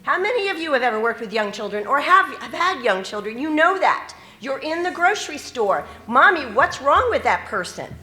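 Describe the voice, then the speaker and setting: Woman, bright voice, earnest presenter, middle-aged, roomy hall sound. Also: high-pitched, very animated, a little fast, hardly any pauses. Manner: earnest, engages audience with questions. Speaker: teacher educator. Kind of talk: conference presentation. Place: conference hall. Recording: echoey conference room.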